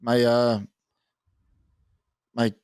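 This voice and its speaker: A man hosting a casual podcast, telling a story in an animated, profane way. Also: mid-range voice, extremely slow, smooth, no echo, clean studio sound. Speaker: podcast host.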